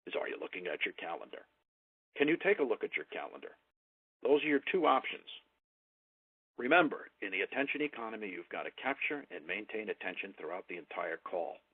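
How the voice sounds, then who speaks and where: A man coaching sales calls, with a lively voice that rises and falls to stress key words. His voice is a little husky and comes through a tinny, phone-like line with no room echo. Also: fairly low pitch. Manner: emphatic voice inflection, coaching tone. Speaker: sales trainer. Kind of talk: instructional talk.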